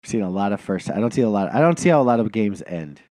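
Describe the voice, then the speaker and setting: A man's voice: on the low side, fast talker, dry recording, studio quality. A man co-hosting a podcast in casual chat, joking and trailing off mid-thought. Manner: joking, animated, trailing off and restarting. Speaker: podcast co-host.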